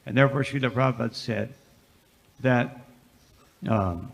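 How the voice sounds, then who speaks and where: A man's voice: mid-range voice, a little slow, gravelly. Man telling a sacred story in a long-echo hall. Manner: lively storyteller, frequent "you know" asides. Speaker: monk giving a scripture class. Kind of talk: devotional lecture, storytelling. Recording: reverberant hall.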